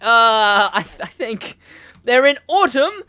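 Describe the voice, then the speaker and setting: Young man with a lively rambling voice. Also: very high voice, slow, clean tone. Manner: rambling, animated, laughs often. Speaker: podcast co-host, gaming segment host. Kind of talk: casual podcast chat.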